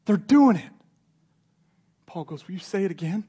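A man's voice: on the high side, normal speed, husky. A man doing an eager young messenger. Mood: excited. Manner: excited, insistent, repeating himself. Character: eager young male companion bringing good news.

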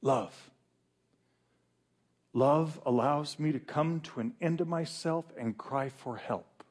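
A male pastor preaching a sermon in a conversational, animated way with fillers and pauses. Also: fairly high pitch.

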